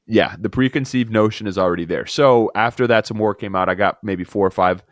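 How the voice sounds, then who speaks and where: Lower-pitched man telling set stories. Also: fairly quick, dry recording, clean studio sound. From Miami. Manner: animated anecdotes, acts out dialogue. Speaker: actor guest. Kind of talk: casual interview storytelling.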